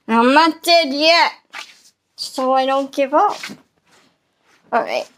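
A middle-aged woman talks straight to her viewers in a casual vlog. She is chatty and heartfelt, and she keeps encouraging herself in a high, bright voice. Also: sing-song, takes it slowly, pauses often. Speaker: vlogger.

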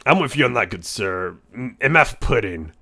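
Knuckles, a man doing a gravelly brash echidna. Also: on the low side, expressive, exaggerated voice. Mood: rambling banter. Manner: rambling, stammering, crude, quick to yell. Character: brash hot-headed male echidna, rambling and crude. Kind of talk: live-stream role-play chat.

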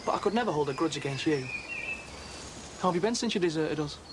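A man's voice: fairly high pitch, expressive, quick pace, close to an everyday voice. An actor playing a persuasive man trying to lure a former friend back, coaxing and insistent. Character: smooth, pushy man luring back a lost friend. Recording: noisy outdoor TV drama audio.

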